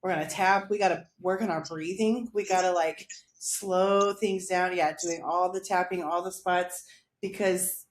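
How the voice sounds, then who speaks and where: A woman's voice: lowish voice, steady tone, a little slow. Reflective woman in an echoey room. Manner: warm, reflective, frequent affirming hums. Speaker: school counselor. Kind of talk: casual chat. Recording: echoey room with faint noise.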